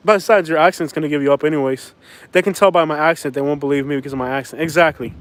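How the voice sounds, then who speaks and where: A man's voice: fairly high pitch, a little fast. Rambling Florida man on a night walk. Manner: rambling, laughs often, chatty. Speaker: vlogger live streaming. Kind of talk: casual night-walk live stream chat. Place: outdoors at night in a small town.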